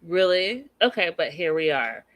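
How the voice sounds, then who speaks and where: A woman's voice: lowish voice, big pitch swings, normal speed, a bit bright, no room sound. A woman hosting a live TV recap, chatting casually and animatedly, full of asides and filler words. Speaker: host of a live TV recap show. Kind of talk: casual chat, reacting to live chat.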